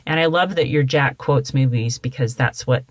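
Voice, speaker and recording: A woman's voice: a bass voice, normal speed, no room sound. A middle-aged woman hosting an interview, conversational and affirming as she shares her own experience. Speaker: podcast host. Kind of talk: casual interview.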